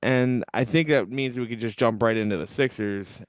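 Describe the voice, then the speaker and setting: Philly guy on a sports pod, smooth clear voice, jokey and sleepy, dry close mic. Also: mid-range voice, moderate pace, no echo. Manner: jokey, sleepy, talks over co-host. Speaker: podcast co-host. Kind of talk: casual sports chat.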